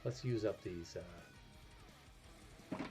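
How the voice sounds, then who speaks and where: New England man, low voice, relaxed self-deprecating stream chatter over clear background music. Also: moderate pace. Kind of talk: casual gameplay commentary. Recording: music playing behind.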